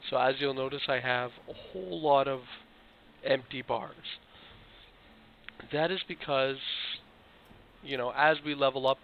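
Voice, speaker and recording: A man with a slightly hoarse voice talks through a video game walkthrough in a loose, explanatory way, addressing his viewers directly. His voice sits at a middling pitch. It comes through a tinny, phone-like mic with a faint hiss underneath. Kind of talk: casual gameplay walkthrough commentary.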